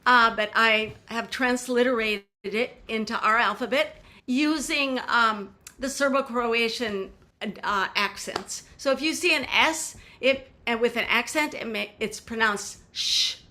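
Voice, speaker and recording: Slow, bright-voiced woman song leader. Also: fairly high pitch. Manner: upbeat, explains step by step. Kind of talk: teaching a folk song online.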